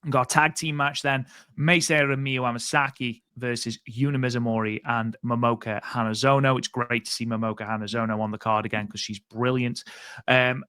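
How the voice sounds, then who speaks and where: A man's voice: medium pitch, bright, forceful tone, smooth, dry recording. Chatty man with a dry close sound. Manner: chatty, rambling with many fillers and restarts. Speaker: podcast co-host. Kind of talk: casual podcast chat.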